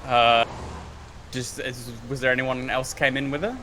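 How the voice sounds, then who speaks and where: A man talks through his moves in a tabletop game, laid-back and hesitant. His pitch is mid-range. Clear background noise hangs under his voice. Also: steady tone, a little slow, pushed and bright. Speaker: player. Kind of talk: casual game chat.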